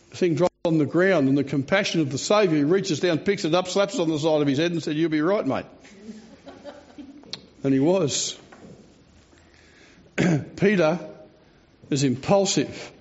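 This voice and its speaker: Expressive preacher, lo-fi. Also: male voice, fairly high pitch. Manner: expressive storytelling with dramatic slowdowns. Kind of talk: sermon. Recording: dull lo-fi recording.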